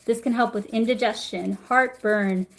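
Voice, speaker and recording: A middle-aged woman teaching acupressure on a live stream, chatty and warm, stopping to greet viewers. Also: fairly high pitch, steady tone, moderate pace. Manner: warm, chatty, reads viewer comments aloud. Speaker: acupressure instructor. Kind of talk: live-streamed health lesson.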